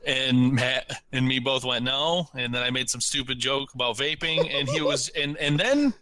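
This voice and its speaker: A man co-hosting a podcast, telling a story in a casual, animated way and acting out what people said. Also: mid-range voice, normal speed, no room sound. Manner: animated, laughs while telling stories, acts out quotes. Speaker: podcast co-host.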